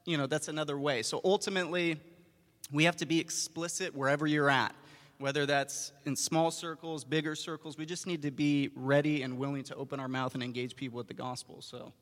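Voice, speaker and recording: A man's voice: on the high side, fairly even intonation, brisk, a bit bright. A married man speaking earnestly, telling how he talks about his faith in daily life. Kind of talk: casual testimony. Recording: long hall reverb.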